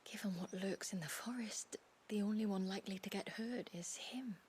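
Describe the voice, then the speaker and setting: An actress playing a worried young village woman in a video game, speaking in a hushed, urgent way. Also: mid-range voice, moderate pace, a little hiss or hum, close to an everyday voice. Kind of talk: game voice acting.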